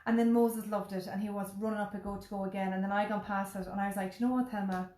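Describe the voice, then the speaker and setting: A woman in her thirties telling a personal story in lively conversation, acting out her own self-talk and laughing often. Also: medium pitch, fast talker. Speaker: guest. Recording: roomy echo.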